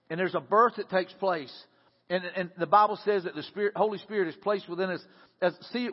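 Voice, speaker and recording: A man preaching a sermon in a casual, conversational way, repeating words and swinging between loud and hushed delivery. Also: high voice, breathy edge. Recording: dull sound with long reverb.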